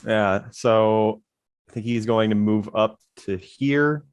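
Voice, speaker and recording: A man with a low voice lays out his moves in a tabletop game slowly and deliberately. The sound is close and dry. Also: smooth, no echo. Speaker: player.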